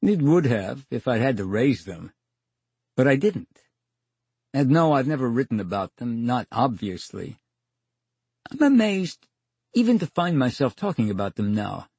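An older man spins anecdotes on a radio show, his pitch swinging animatedly as he acts out each exchange. His voice has a slightly husky edge. The studio sound is dry and close. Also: expressive, moderate pace, a little mellow, no room sound. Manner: theatrical storyteller, acts out dialogue, wry. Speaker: radio interview guest. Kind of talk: storytelling in a radio interview.

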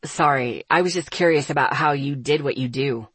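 A woman voicing a young man who smoothly covers for others in an easygoing, placating way. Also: a bass voice, moderate pace, dry recording, pitched below the performer's own voice. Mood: apologetic.

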